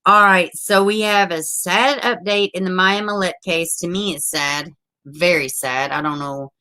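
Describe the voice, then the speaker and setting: A woman's voice: fairly low pitch, steady tone, a little slow, pushed and bright. A woman, hosting a casual livestream, chatting with viewers, laughing often and swearing freely. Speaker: livestream host reading viewer comments.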